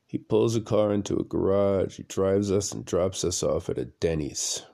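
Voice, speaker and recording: A man with a very low, gravelly voice and a dark, mellow tone tells a rambling story for his podcast. He speaks slowly and bluntly, repeating phrases for effect, from a room at home at night. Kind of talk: casual storytelling monologue.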